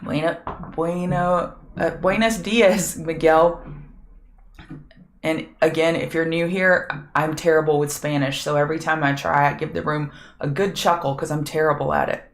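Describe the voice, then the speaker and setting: A woman's voice: deep voice, level tone, a little fast. A middle-aged woman hosting a live market prep show, chatting with viewers and thinking aloud over charts, her voice a bit scratchy. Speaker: trading show host.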